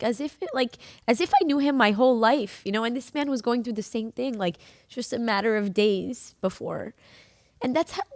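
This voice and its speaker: A woman's voice: on the high side, dry recording, studio quality. A young woman hosting her podcast, telling a personal story in a candid, emotional way, full of casual fillers. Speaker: podcast host.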